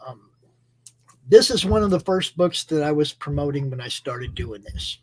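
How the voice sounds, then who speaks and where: A man's voice: on the high side, animated, normal speed, darkish tone, low-quality recording. A man hosting a casual chat, enthusiastic and rambling, with many fillers and restarts. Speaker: host. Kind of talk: casual chat about comic books.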